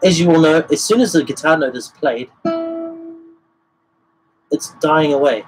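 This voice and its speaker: A man with a fairly high voice teaches guitar on a casual livestream, speaking at a measured pace as he explains the technique and sings rhythms as syllables. The recording is rough, with guitar playing behind him.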